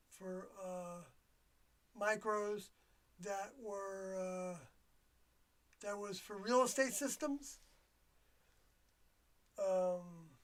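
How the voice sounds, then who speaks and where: Here an older livestreamer gives a loose, reflective monologue, mid-range in pitch and fairly bright in tone. Words come haltingly, phrases trailing as he searches, and the recording places his voice slightly away from the microphone.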